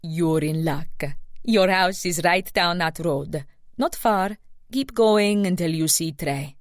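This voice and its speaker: Woman narrator doing helpful middle-aged Italian local on a bike, heavy Italian accent, low voice, dry close mic. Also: slow, no room sound.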